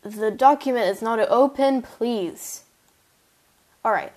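A woman's voice: fairly high pitch, takes it slowly, long pauses, darkish tone. A young woman hosting her own podcast, reading a chapter of her story aloud and then answering listener questions in casual, chatty, self-mocking asides.

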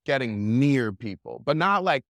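A man's voice: medium pitch, unhurried, vocal fry, no room sound. Young man telling a rambling story. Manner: animated, heavy use of "like", laughs while telling. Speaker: podcast guest. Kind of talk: casual storytelling.

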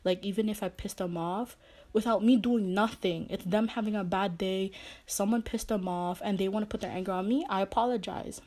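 A woman's voice: medium pitch, fairly even intonation, fairly quick, dark tone. A young woman giving casual relationship advice, blunt, swearing often, and padding her talk with fillers.

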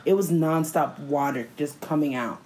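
A woman telling a story in a casual chat, profane and animated, often breaking into laughter. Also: sits low, moderate pace, slight background noise, low-quality recording.

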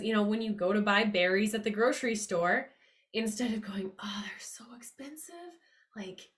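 Upbeat chatty woman podcast host. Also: mid-range voice. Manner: upbeat, chatty, with many fillers and asides. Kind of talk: casual motivational talk.

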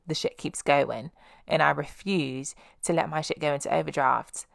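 A woman's voice: low-pitched, fairly even intonation, moderate pace, gravelly, fairly bright tone, dry recording, studio quality. A young woman hosting a podcast, telling candid personal stories in a blunt, casual way and swearing freely. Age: young adult. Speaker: podcast host.

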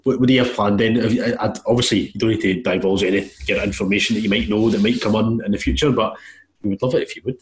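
A Scottish man hosting a relaxed podcast interview. He meanders through his questions with plenty of fillers and an easygoing manner. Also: lowish voice, quick pace, a little hiss or hum. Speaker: podcast host. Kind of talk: casual interview.

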